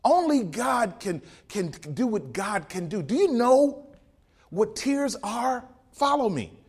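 A man preaching a rousing sermon, swinging from loud peaks to hushed passages and quoting scripture in old King James wording. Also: high voice, very animated, slow, breathy edge.

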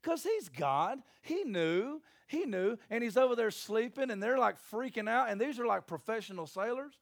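A man's voice: very high voice, very animated, brisk, vocal fry, dry recording, clean studio sound. A man preaching a sermon, folksy and joking, acting out Bible scenes in little voices. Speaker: pastor.

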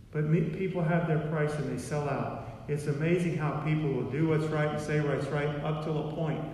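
A man's voice: a little high, darkish tone, slight background noise. A man preaching a sermon in a repetitive, emphatic way, recorded in a church. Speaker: pastor. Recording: echoey hall from far off.

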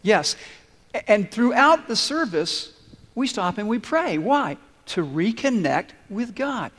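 Earnest high-voiced preaching man. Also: big pitch swings, slow, fairly bright tone. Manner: earnest, conversational preaching with audience questions. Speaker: pastor. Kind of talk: sermon. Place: large church. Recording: long hall reverb.

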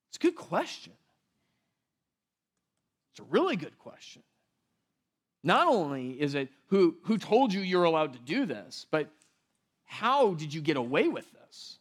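A male pastor preaching in a loose, conversational way, often slipping into voices for the people in the story. His voice sits high and swings widely in pitch. He sounds lively and talks like a friend rather than from a script. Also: measured pace, pauses often. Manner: animated, conversational, acts out voices in quotes. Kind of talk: casual sermon.

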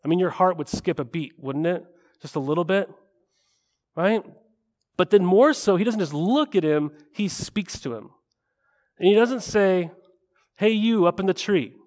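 A man's voice: high voice, expressive, moderate pace, long pauses, a little mellow, long reverb tail. A man preaching a sermon as a pastor, talking in a conversational way and often tossing in rhetorical "right?" asides.

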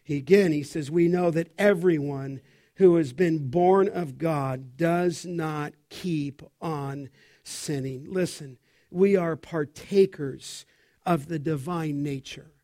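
Emphatic high-voiced preacher, measured delivery. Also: male voice, warm tone. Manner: emphatic, leans on key words, asks the congregation questions. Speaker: pastor. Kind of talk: expository sermon.

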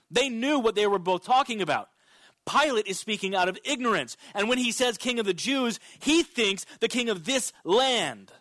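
Male pastor, sermon delivery, emphatic, high-pitched, dry close mic. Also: fairly bright tone, no room sound. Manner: preaching with emphatic rises and drops.

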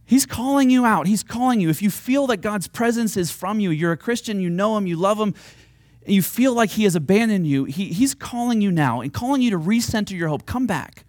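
A man's voice: high voice, lively intonation, fairly quick, a little mellow, dry recording. A man preaching a sermon, earnest and at times rising to fervent, pleading appeals. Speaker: pastor.

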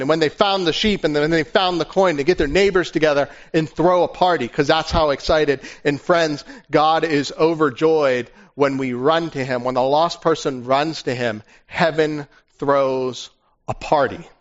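Man preaching a lively conversational sermon. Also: fairly high pitch, measured pace. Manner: conversational, animated storytelling. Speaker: pastor. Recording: dull lo-fi recording.

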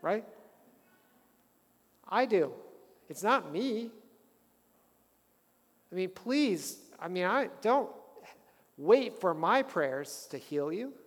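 A man preaching a sermon as a pastor, animated and calling the congregation to say lines back to him. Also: high voice, drawn-out words, long pauses. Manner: animated, calls the congregation to respond. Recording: long hall reverb.

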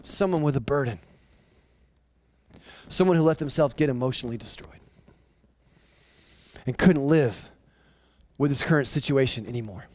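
A man, a pastor, preaching a sermon in an animated way, repeating and restarting phrases as he drives his points home. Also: mid-range voice, moderate pace, long pauses. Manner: animated, acting out voices of people in the story.

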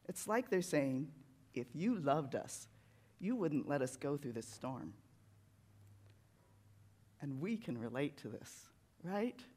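A preacher giving a sermon in a church sanctuary, talking in a conversational, animated way that tells a story. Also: mid-range voice.

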